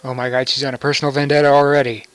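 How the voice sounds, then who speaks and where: A man's voice: mid-range voice, flat delivery, rapid-fire, fairly bright tone, dry recording. A young man giving casual, joking commentary over a video game and laughing often. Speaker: let's play commentator.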